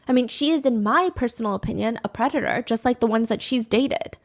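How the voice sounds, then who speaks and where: A woman's voice: fairly high pitch, a little fast. A woman host narrating internet drama in a wry, judgmental way. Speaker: commentary host.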